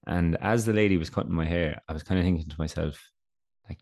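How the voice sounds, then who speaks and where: Sounding congested, this young podcast co-host chats casually, laughing often as he spins stories. He speaks a little fast in a low, slightly mellow voice.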